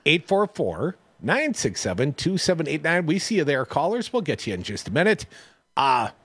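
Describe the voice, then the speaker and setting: Animated joking man on talk radio. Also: fairly high pitch, moderate pace, husky, no echo. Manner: joking, mocking, lively. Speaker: radio talk show co-host. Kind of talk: casual political chat. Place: radio studio. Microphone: studio microphone.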